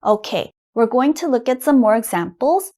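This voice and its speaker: A woman teaching beginner English grammar at a board, patient and clearly enunciated, repeating words for learners to copy. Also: a little high, expressive, moderate pace, darkish tone. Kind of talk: slow beginner grammar lesson. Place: classroom at a board.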